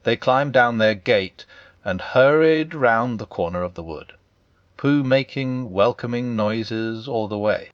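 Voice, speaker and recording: A man giving a gentle, expressive bedtime storybook narration. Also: medium pitch, a little slow, no room sound, highs cut off. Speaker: audiobook narrator.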